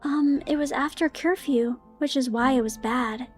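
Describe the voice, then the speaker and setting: Woman voicing eerie teen twin girls, dead monotone, highish voice, faint game music. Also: moderate pace. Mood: flat. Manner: plain monotone voice. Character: creepy teenage twin girls, flat and eerie.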